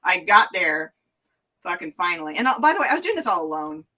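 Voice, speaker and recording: A woman with a Tennessee accent telling an animated, laughing story as a guest, swearing and voicing the people she quotes. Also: on the low side, recorded from a distance. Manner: laughing, swearing, quick anecdote with voiced quotes. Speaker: guest entertainer. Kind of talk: animated storytelling in casual chat.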